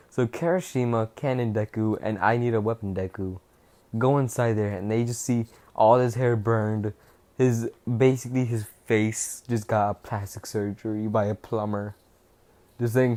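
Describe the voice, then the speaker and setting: A young man casually retelling a fan-fiction story, rambling and rushed, with restarts and swearing. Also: on the low side, fairly even intonation, a little mellow.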